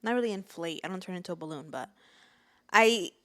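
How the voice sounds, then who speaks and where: A woman's voice: lowish voice, expressive, brisk, bright, forceful tone. A young woman co-hosting a casual podcast, chatting playfully and joking with her co-host. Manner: playful, joking, laughs often. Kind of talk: casual chat.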